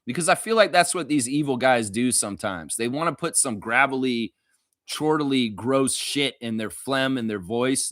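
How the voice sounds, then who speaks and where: A man from Canada hosting a casual fan live stream, reading viewer comments aloud and reacting loudly, with a lot of swearing. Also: mid-range voice, normal speed, no room sound, studio quality. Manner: loud, animated, swears freely, reads viewer comments aloud.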